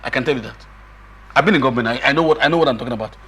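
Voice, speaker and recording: A middle-aged man with a husky voice, arguing emphatically as a guest in a political discussion, often repeating himself. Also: medium pitch, rapid-fire, a crowd in the background. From Nigeria. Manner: emphatic, repeats himself, quotes others in raised voice.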